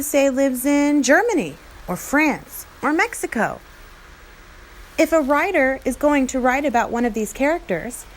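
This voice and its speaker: A woman teacher narrating a lesson in an upbeat, expressive, chatty way. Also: high-pitched, slight background noise, low-quality recording.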